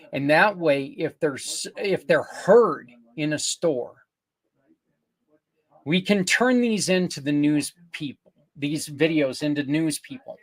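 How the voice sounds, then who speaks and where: An older man hosting a podcast, earnestly pitching community partners in a rambling, casual way with many restarts. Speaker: podcast host. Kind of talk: casual promotional talk.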